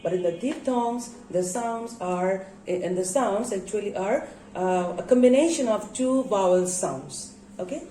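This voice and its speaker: A woman with a Bangladeshi English accent teaches a recorded pronunciation lesson at an unhurried pace. She spells words letter by letter and asks her class questions that she answers herself. Her voice is mellow and sits in an echoey room. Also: medium pitch, lively intonation, a little hiss or hum.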